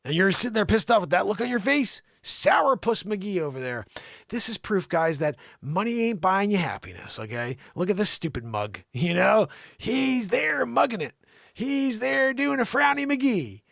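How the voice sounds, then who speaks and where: A high-pitched man riffs through a comedy news segment with wildly swinging intonation, sarcastic and animated. His voice sits close and dry in a small studio, jumping from shouts to muttered asides. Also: moderate pace, vocal fry, no room sound. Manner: animated, sarcastic, jumps between loud outbursts and mutters. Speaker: comedy show host. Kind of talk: improvised comedic news riff. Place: home studio.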